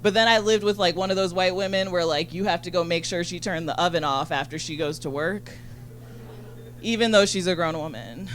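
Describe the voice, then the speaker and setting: A woman doing a stand-up set on a club stage, chatty and bubbly, full of fillers and quick asides to the crowd. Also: on the low side, a little hiss or hum. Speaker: stand-up comedian. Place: comedy club stage in front of an audience.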